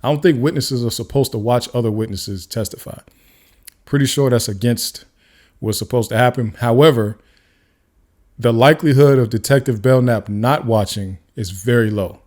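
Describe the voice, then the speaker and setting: Fast-talking male podcast host. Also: mid-range voice, a little mellow. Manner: talks fast and off the cuff, with frequent restarts. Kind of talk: casual solo commentary. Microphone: camera-facing studio mic.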